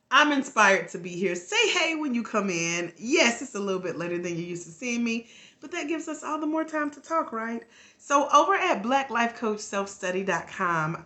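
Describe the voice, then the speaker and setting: A woman's voice: fairly low pitch, bright, forceful tone. A sleepy woman with a Southern US accent, talking casually and laughing on a live stream as a life coach. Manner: drawling, laughing, chatty.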